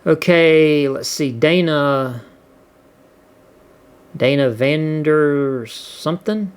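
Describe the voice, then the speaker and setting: A middle-aged man talks easygoing and loose, stumbling over words and doubling back as he reads viewer comments. His voice sits a little higher than most men's. The whole thing feels like an unscripted chat with his audience. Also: drawn-out words, smooth. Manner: laid-back, rambling, repeats words and restarts often. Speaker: channel host reading viewer comments. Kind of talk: casual chat.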